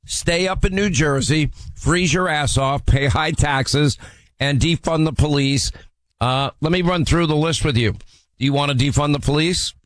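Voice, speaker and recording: A man's voice: a little high, moderate pace, dry recording. A man hosting a call-in radio talk show, needling and mocking a caller in a brusque way.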